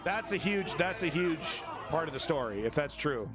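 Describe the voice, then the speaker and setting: A man's voice: on the high side, expressive, moderate pace, over music. A man hosting a live-stream news commentary, talking bluntly and profanely and rambling with many restarts.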